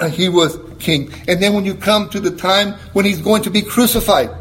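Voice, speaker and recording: High-voiced preacher delivering an emphatic sermon. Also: male voice, fairly bright tone, slight background noise. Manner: emphatic, rising to high exclamations, asks the congregation questions; quotes scripture in a slower, lower voice.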